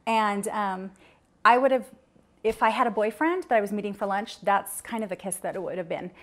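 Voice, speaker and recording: A woman's voice: mid-range voice, a little fast. A young woman answering interview questions, hesitant and full of restarts, at times close to tears. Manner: hesitant, many ums and restarts, gets teary.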